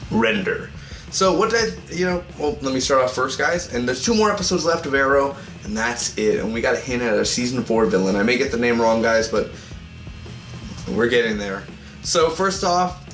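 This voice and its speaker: A man giving a casual spoken review of a TV episode, rambling and excitable, recorded on a tablet. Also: medium pitch, roomy sound. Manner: rambling and excitable, acts out characters' lines.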